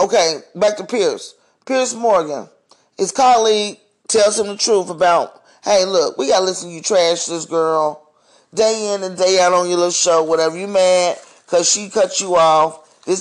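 A man's voice: sits high, moderate pace. A man hosting a podcast, speaking in a blunt, profane, heated monologue rant. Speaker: podcast host. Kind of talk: ranting monologue.

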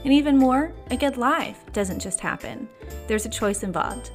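A woman with a fairly high voice hosts a faith podcast, reading a scripted intro in an upbeat, chatty way. Soft music plays faintly under her voice. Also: expressive, moderate pace. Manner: upbeat and chatty, with light laughs. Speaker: podcast host.

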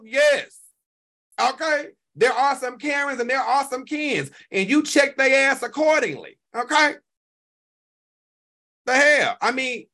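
A man, hosting a live stream and reacting to chat in an animated, profane, talk-back way. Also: very high voice. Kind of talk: casual live stream commentary.

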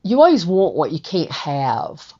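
A woman's voice: deep voice, huge pitch swings, unhurried, dark tone, breathy edge. A woman telling a personal story in a candid, rambling way, often repeating her words. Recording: dull lo-fi recording.

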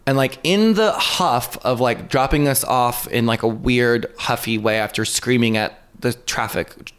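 A man chatting casually on a podcast, spinning an animated story with plenty of filler words and swearing. His voice sits at an ordinary middle pitch. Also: measured pace, clear, resonant tone. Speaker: podcast co-host. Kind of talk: casual chat.

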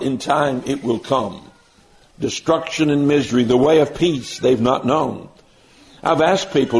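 Man, preacher, sermon, emphatic drawn-out stresses, folksy asides, mid pitch. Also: a little mellow, rough recording. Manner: folksy everyday examples and asides.

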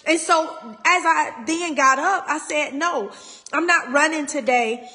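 Tearful woman host, high voice, long reverb, raw faith talk. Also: a little slow, bright, forceful tone. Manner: raw, tearful, holding back crying. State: near tears. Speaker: podcast host. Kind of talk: emotional faith talk to listeners.

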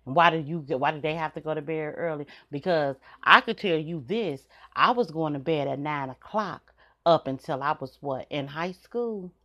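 A woman's voice: low voice, normal speed, muffled recording. A middle-aged woman, hosting a podcast and telling stories bluntly with frequent swearing and laughs. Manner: blunt, swears freely, laughs between points. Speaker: podcast host. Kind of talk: candid storytelling monologue.

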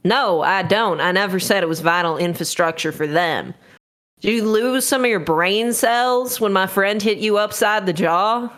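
A player voicing a calm, mysterious stranger who speaks through a phone speaker, matter-of-fact and cutting. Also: mid-range voice, normal speed, pitched above the performer's own voice, close to an everyday voice.

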